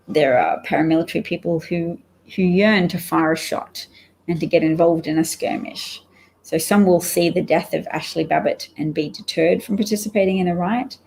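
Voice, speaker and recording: Wry, gravelly woman commentator. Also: lowish voice, a little mellow, slight background noise, poor audio. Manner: wry, rambling, reads out quotes. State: sleepy, yawning. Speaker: political commentator. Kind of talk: casual solo commentary.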